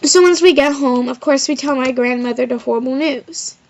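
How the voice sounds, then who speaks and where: High-voiced young female vlogger, rambling. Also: brisk, gravelly, darkish tone. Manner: rambling, heavy use of "like" and "of course". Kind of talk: casual personal storytelling to camera. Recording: slightly dull lo-fi recording.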